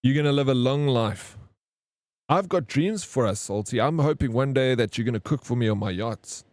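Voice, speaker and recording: A man's voice: mid-range voice, expressive, moderate pace, a little mellow, dry recording. Chatty man with a dry sound. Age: 30s. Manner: rambling storyteller, slangy, says "bro" often. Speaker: streamer. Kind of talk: casual live-stream chat with viewers.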